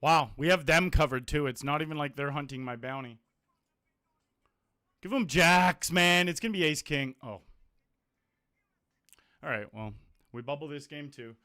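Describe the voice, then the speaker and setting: A man streaming online poker, chatting casually about his hands and results, blunt, self-mocking and quick to swear. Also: fairly high pitch, sharp tone, dry recording, studio quality. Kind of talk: casual live-stream commentary.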